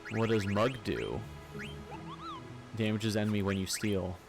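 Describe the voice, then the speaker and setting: A low-voiced man streaming a game, thinking out loud and swearing casually as he goes. Faint game music plays underneath. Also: measured pace, creaky. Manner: musing aloud, swears casually. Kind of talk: casual gameplay commentary.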